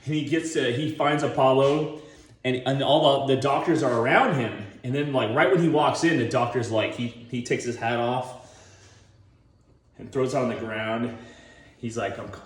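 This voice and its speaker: A man's voice: mid-range voice, normal speed. Male host, mid-range voice, rambling and jokey, acts out bits in voices, echoey room sound. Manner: rambling, chuckles often, acts out scenes in voices. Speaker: online video host. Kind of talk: casual movie-pitch monologue.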